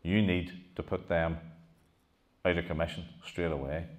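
A man's voice: low voice, steady tone, normal speed. A middle-aged man giving a public history talk to an audience. He speaks animatedly, puts questions to the room and often restarts his sentences. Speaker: lecturer giving a museum talk.

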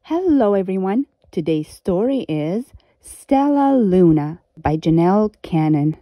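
A woman hosting a storytime channel, reading a children's picture book aloud in a gentle, expressive way. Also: mid-range voice, unhurried, highs cut off. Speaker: storytime host.

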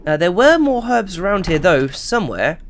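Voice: medium pitch, sing-song, normal speed, slight background noise. A game streamer giving live gameplay commentary, chatting to viewers and yelping when startled. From England. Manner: chatty, talks to the chat, yelps and shouts when startled.

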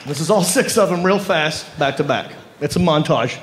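A man telling an animated stand-up story, laughing through his lines. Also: on the high side, moderate pace, big-room sound, crowd noise. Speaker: stand-up comedian. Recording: live stand-up with audience noise. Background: audience laughter.

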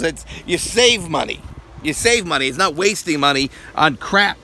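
A man's voice: fairly high pitch, expressive, moderate pace, sharp tone, a little hiss or hum. A man vlogging with his wife, joking, teasing and grumbling in casual family banter. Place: at home and outdoors on the street.

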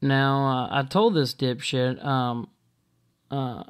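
A man talking to camera in a casual monologue, halting and full of ums and restarts, blunt and exasperated. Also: medium pitch, steady tone, smooth. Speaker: video blogger.

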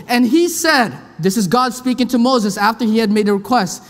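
A male preacher delivering a passionate sermon in a church, swinging from loud pleading to soft, low reassurance. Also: normal speed, few pauses. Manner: passionate, rises loud and high when pleading, drops soft and low for comfort. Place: church sanctuary. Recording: long church reverb.

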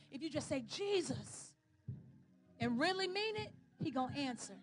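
High-voiced woman leading church call-and-response. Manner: leads chanting and clapping, then talks casually to youth. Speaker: youth church worship leader. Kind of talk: call-and-response worship and sermon. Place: church service. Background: loud worship music.

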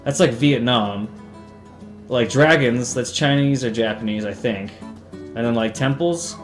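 A man's voice: medium pitch, moderate pace. A young man doing casual, profane, sarcastic commentary while playing a video game. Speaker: let's play host. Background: game music.

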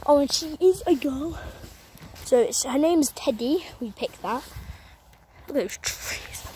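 Young woman, high voice, rambling and apologetic, outdoor phone vlog. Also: expressive, measured pace, mellow, a little hiss or hum. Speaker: vlogger. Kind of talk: casual walking vlog. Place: outdoors on a country road. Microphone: phone camera held while walking.

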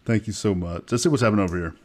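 A man's voice: on the low side, very fast, close to an everyday voice. A man voicing Bruno, a bumbling, polite Italian man with a put-on Italian accent and broken English who keeps apologizing. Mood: apologetic. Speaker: roleplay player. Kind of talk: voiced online roleplay in character.

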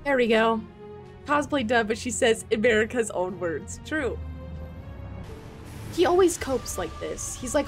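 A woman streamer giving excitable live commentary while playing a game, gasping often and swearing freely. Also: on the high side, unhurried, pauses often, soft background music.

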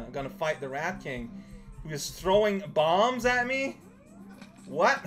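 Man, game commentary, unhurried, giggly, rambling jokes, faint music underneath. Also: high voice, fairly bright tone. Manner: giggly, rambling, jokey asides. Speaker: let's play commentator.

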